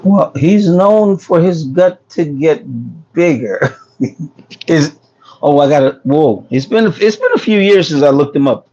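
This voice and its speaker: A man's voice: on the high side, animated, a little slow, mellow, lo-fi sound. A man from New York hosting a casual livestream, joking and laughing with viewers while losing his voice. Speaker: food truck business livestream host. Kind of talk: casual livestream chat reading comments. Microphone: phone.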